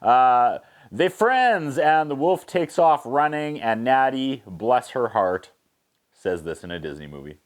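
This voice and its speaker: Man, sardonic film reviewer, tells the plot in a joking tone and drops into quick character voices. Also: mid-range voice, lively intonation. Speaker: movie reviewer. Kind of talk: comedic plot recap.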